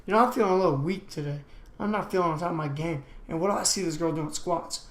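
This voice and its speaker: A young American man hosts a casual solo podcast, speaking quickly in a voice on the high side. He rambles in slangy talk full of "man" and "dude." The room is echoey, with slight background noise.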